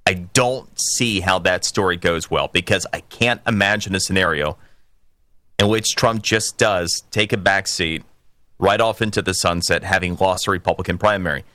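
A man hosting a political call-in radio show, opinionated and emphatic, building to forceful peaks. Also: deep voice, moderate pace, dry recording. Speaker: radio talk show host.

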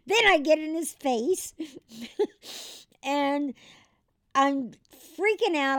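A woman guest in an interview, telling candid stories in an animated way and laughing as she goes. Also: high voice, slow, no echo, studio quality.

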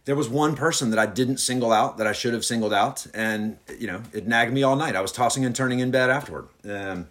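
A man with an Alabama accent chatting haltingly as a podcast guest, then reading aloud from his own novella. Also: mid-range voice, fairly bright tone. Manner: halting, many fillers and restarts when chatting.

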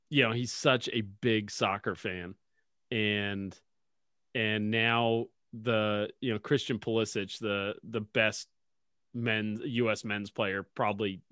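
A man's voice: fairly low pitch, steady tone, unhurried, a bit bright, no room sound, clean studio sound. A man co-hosting a casual sports podcast, swearing a lot and laughing at his own stories. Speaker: podcast co-host.

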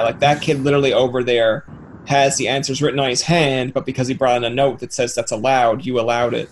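A man's voice: medium pitch, fairly even intonation, fairly quick, slight background noise. A man hosting a podcast, chatting casually and rambling through jokey questions, often acting out imagined voices. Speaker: podcast host. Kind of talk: casual interview chat.

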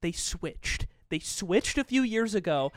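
A man's voice: high-pitched, expressive, slow pace, clear, resonant tone, no room sound, clean studio sound. A man co-hosting a podcast who tells stories animatedly and laughs often in casual chat. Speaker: podcast co-host.

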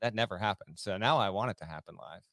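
A man's voice: on the low side, quick pace, creaky, a bit bright, no room sound. Teasing man co-hosting sports talk. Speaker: podcast co-host.

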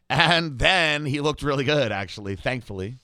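A man's voice: mid-range voice, animated, a little slow, bright, forceful tone, dry recording, studio quality. A man hosting a casual chat, rambling through a story with swearing and laughs, asking a guest questions. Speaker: host and bodybuilding coach.

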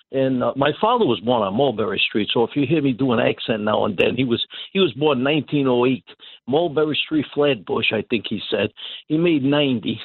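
A man's voice: mid-range voice, husky, no room sound. A man calling in to a radio show, emphatic and repetitive with stumbling restarts. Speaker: caller. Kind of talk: phone-in call. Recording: tinny phone line.

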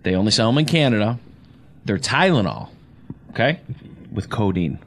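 A man's voice: fairly low pitch, big pitch swings, normal speed. Blunt, wry man talking sports. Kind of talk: casual sports chat.

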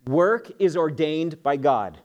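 A man's voice: on the high side, animated, slow. A middle-aged man, a pastor, preaching in church in an earnest, emphatic way with homely jokes and asides. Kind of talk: sermon. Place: church sanctuary.

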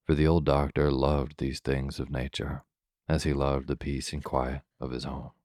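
A man reading a calm bedtime story in a very deep, steady voice. His delivery is slow and soothing with little rise and fall. The sound is dry and close to the mic. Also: no room sound.

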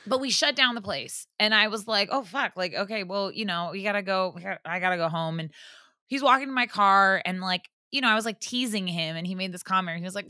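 A woman with a bright, forceful voice chats on a podcast. She tells a lively story full of casual swearing and acts out each quote. Her voice sounds dry and close to the mic. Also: medium pitch, brisk, dry recording. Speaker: podcast guest. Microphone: headphones on, podcast mic.

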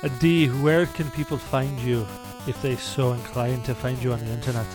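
A podcast host, a man with a medium-pitched voice and fairly even intonation, tells a story casually at a moderate pace over background music. He laughs often and stumbles, repeating words as he restarts his thoughts.

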